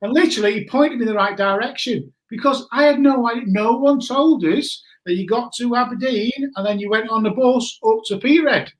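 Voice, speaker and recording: A man in his forties telling a story in a casual chat, animated and laughing often, greeting viewers as he goes. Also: extremely high pitch, fairly quick, hardly any pauses. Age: 40s. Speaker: guest.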